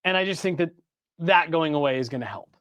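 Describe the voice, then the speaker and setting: A man with a high voice co-hosts a casual sports podcast. He talks in a rambling, animated way, restarting his sentences and filling the gaps with ums. The sound is close and dry. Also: a little fast, no echo. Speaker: podcast co-host. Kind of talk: casual hockey podcast chat.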